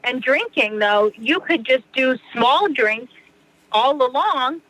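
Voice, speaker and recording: A woman's voice: high voice, expressive, takes it slowly, fairly bright tone, dry recording, rough recording. A woman speaking as a podcast guest in casual, rambling conversation, full of "like" and "you know".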